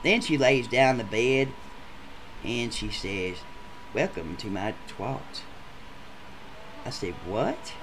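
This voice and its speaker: A man's voice: mid-range voice, animated, a little slow, background noise. A man voicing a crude, rowdy adult male gameshow contestant who rambles through a profane story in a comedic machinima. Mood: ranting.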